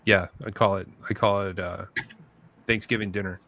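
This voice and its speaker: Speaking at normal speed in a low, level voice with a bright, forceful tone, a man hosts a casual livestream chat. He's an easygoing storyteller who acts out quotes, and there's a bit of hiss or hum on the recording.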